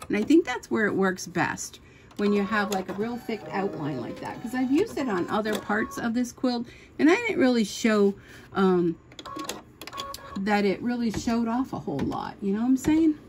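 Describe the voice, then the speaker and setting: A middle-aged woman hosts a casual embroidery tutorial for her sewing channel from her home sewing room, chatting and thinking aloud as she works. Her voice is medium-pitched and expressive, at a moderate pace. The home recording is noisy, with machine hum from a running sewing machine.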